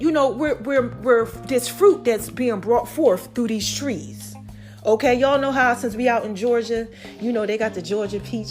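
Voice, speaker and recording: Chatty woman hosting a podcast. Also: a little high. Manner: chatty, lively, addresses listeners directly with "child" and "y'all". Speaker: podcast host. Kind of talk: casual solo podcast monologue.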